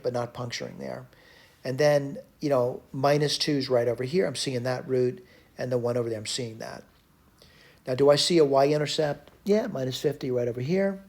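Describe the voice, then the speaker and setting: A man teaching a recorded math lecture, working through a problem out loud and correcting his own slips as he goes. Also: medium pitch, creaky. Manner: talks to himself while working problems, frequent self-corrections.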